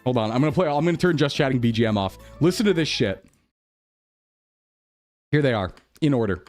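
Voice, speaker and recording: Flustered, lively male streamer. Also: medium pitch, a little fast, faint music behind. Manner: laughing, flustered, defensive. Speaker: VTuber streamer. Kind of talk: casual livestream chat. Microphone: desktop streaming mic.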